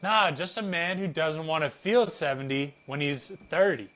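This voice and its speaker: A man doing a calm, confident fitness guy. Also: a little high, normal speed, close to an everyday voice. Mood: amused.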